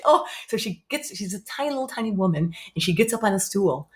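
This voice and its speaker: A woman in her fifties, a podcast guest, telling a personal story in an animated way, repeating phrases for emphasis and acting out other people's lines. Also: mid-range voice, fast, few pauses. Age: 50s.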